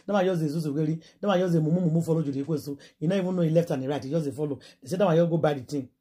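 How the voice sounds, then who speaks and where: A woman with a Nigerian Pidgin accent, excitably retelling celebrity gossip with quick asides and exclamations. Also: deep voice, slightly rough. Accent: Nigerian Pidgin English. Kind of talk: dramatic gossip storytelling.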